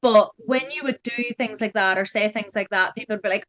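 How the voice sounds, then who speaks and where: A woman's voice: mid-range voice, brisk, hardly any pauses, a bit bright. Chatty young woman, lo-fi sound. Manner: chatty, heavy use of "like" and "you know". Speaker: guest sharing her genetic testing experience. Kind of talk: casual conversational storytelling.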